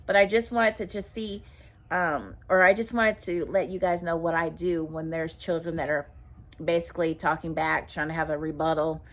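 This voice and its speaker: A woman's voice: sits low, level tone, moderate pace, a bit bright. Emphatic teacher woman. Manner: emphatic, repeats herself, talks straight to viewers. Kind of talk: casual classroom advice to teachers.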